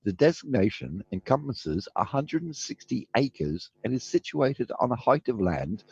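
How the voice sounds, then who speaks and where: A man reads a passage aloud haltingly in a group voice chat, tripping over some words. His voice is husky and lo-fi, and his pitch moves around very freely. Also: very animated, a little mellow, dry recording. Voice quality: hesitant, stumbles over words. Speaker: reader in the group. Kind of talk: reading aloud in casual chat. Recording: dull lo-fi voice chat.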